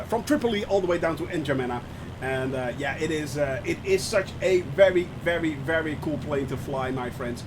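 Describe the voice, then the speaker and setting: A man streaming a flight simulator, chatting through his flight with lots of fillers and bursts of excitement. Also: on the high side, a little hiss or hum. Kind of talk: live gameplay commentary.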